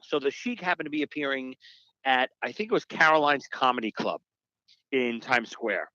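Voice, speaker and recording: A man's voice: medium pitch, animated, moderate pace, pushed and bright, dry recording. A man chats as a podcast guest, telling a long story full of restarts and asides. The audio is dry and close, with a slightly dull, lo-fi edge. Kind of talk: casual podcast interview.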